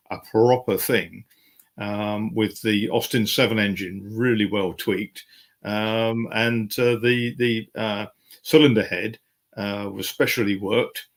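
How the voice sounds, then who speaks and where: A man in his sixties, a guest commentator, chatting in detail about classic racing cars, with frequent fillers. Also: fairly low pitch. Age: 60s. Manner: knowledgeable, detailed, many fillers. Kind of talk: casual chat.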